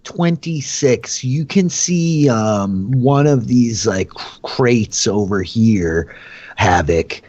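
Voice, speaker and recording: A man's voice: medium pitch, animated, takes it slowly, a little mellow, muffled recording, slight background noise. A man narrating a tabletop game as dungeon master, telling the scene loosely with plenty of fillers. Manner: loose, filler-heavy storytelling.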